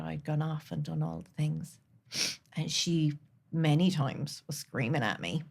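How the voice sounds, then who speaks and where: A woman guest on a podcast, speaking earnestly and from the heart, sometimes dropping to a soft near-whisper. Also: deep voice, fairly even intonation, a little slow, vocal fry, slightly rough. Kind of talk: candid conversational interview.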